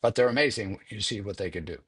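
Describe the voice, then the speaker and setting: An older man, a film sound editor being interviewed, telling a story in an unhurried, conversational way and repeating words as he thinks. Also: lowish voice, fairly bright tone, breathy edge.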